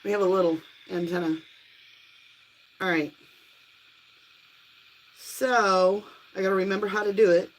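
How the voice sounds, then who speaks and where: A woman's voice: mid-range voice, fairly even intonation, a little slow, long pauses, slight background noise, rough recording. A woman hosting a live stream, chatting casually and apologetically with viewers as she fiddles with her equipment. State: out of breath from the stairs. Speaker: host of a live tarot and spirit box stream. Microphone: phone.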